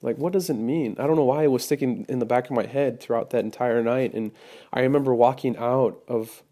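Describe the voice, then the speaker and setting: A young man sharing a personal testimony, hesitant, with many pauses and restarts. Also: mid-range voice, steady tone, mellow. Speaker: testimony speaker.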